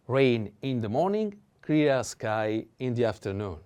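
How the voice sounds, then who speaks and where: Slow, lively male teacher. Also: medium pitch, clean tone. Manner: slow, halting explanations with frequent fillers. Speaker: language teacher. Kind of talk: language lesson.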